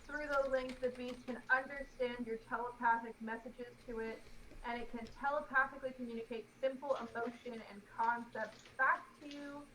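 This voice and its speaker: A woman playing in a tabletop game, chatting casually with plenty of "like" and "um" and quick little laughs. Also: a little high, steady tone, bright, forceful tone, a little hiss or hum, low-quality recording. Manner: chatty, giggly, full of "like" and "um".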